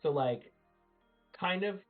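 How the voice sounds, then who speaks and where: A man talks through ideas for a tabletop game, rambling with frequent fillers. The sound is narrow and phone-like. Quiet music runs behind him. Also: fairly high pitch, expressive, slow pace. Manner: chatty, thinking aloud with many fillers. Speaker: player. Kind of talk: casual tabletop game planning. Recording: tinny, phone-like stream audio.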